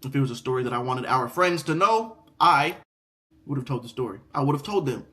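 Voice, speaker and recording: A young guy reacts to online stories he reads out loud, then goes off on them in an animated, slightly quick way. He swears a lot, says things more than once, and shifts from loud bursts to quiet grumbling.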